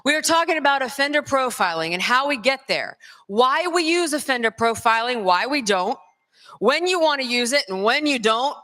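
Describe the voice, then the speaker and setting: A woman from North Carolina with a Southern accent, giving a lively conference lecture straight to the audience. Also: high voice, normal speed. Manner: lively, addresses the crowd directly. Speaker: conference speaker. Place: large conference hall. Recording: long hall reverb.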